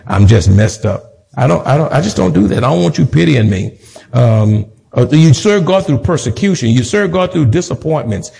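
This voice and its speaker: A male pastor with a somewhat high, creaky, darkish voice preaches in a church sanctuary. He stacks up emphatic, rhythmic repetitions that swell to peaks, and drops humorous asides between them.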